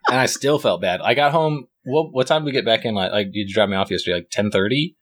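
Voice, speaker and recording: A man's voice: fairly low pitch, quick pace, fairly bright tone, slightly rough. A young man telling a rambling story to friends, swearing freely and acting out quotes. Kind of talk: casual chat with friends.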